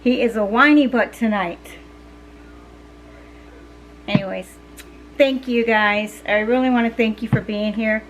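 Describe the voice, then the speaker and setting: A woman's voice: a little high, fairly even intonation, a little slow, pauses often, faint music behind, low-quality recording. A middle-aged woman vlogger talking casually to her viewers, rambling with fillers and restarts. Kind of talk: casual chat to camera.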